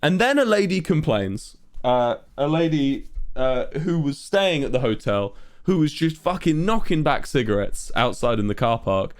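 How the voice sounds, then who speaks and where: A man's voice: on the high side, animated, normal speed. A young man, a streamer and musician, telling a long rambling story on a livestream and swearing often.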